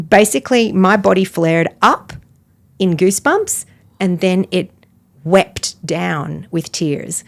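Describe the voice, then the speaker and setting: A woman's voice: fairly low pitch, slow, vocal fry. Earnest middle-aged woman telling her story. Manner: earnest, animated, laughs between phrases. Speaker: podcast guest, wellness author. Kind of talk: personal storytelling in conversation.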